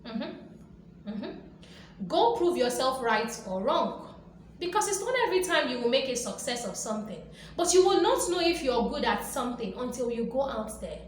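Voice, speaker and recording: A woman's voice: sits high, very animated, normal speed. Woman, motivational host, emphatic, repetitive, faint background noise, very echoey room. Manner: emphatic, repetitive and playful, acting out quoted reactions. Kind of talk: motivational talk to camera.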